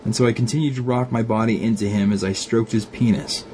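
Low-voiced Glaswegian man reading a story. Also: steady tone, quick pace, a little mellow, a little hiss or hum. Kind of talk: reading an erotic story aloud.

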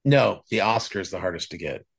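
A man co-hosting a casual chat, dry and quick to correct and argue with his partner. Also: deep voice, expressive, creaky, slight background noise. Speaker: podcast co-host.

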